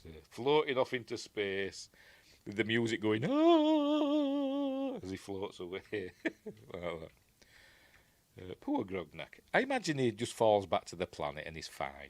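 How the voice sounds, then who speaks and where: Yorkshire guy chatting thru a movie, lowish voice, dry close sound. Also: a bit bright, no room sound. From Yorkshire, England. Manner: rambling, chuckling, acts out quoted lines. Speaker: film reviewer. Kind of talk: casual film commentary.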